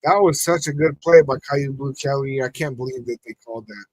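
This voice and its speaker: A man's voice: medium pitch, fairly quick, darkish tone, no echo, poor audio. A man hosting a live football watch party, reacting to the plays and talking with his chat. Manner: frustrated, reacting to the game, talks to chat. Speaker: podcast host.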